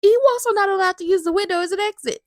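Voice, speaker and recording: A woman putting on a stern, scolding mother with a high voice. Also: rapid-fire, a little mellow, dry recording, clean studio sound. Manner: scolding, listing rules. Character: stern adult mother laying down rules.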